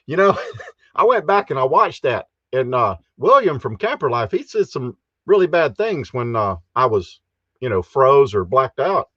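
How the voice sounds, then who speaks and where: A man's voice: mid-range voice, sing-song, normal speed, a bit bright, slightly rough, dry recording, muffled recording. Chatty man hosting a casual livestream. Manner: chatty, chuckles often, reads out viewer comments. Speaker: live stream host. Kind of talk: casual live stream chat. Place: inside a camper.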